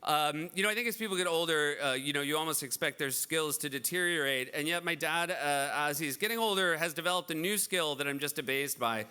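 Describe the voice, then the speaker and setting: A man in his forties hosting a benefit event, telling dry, self-deprecating stories in an animated stand-up style. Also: on the high side, a little fast, hardly any pauses, clear, resonant tone. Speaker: event host. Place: large event hall.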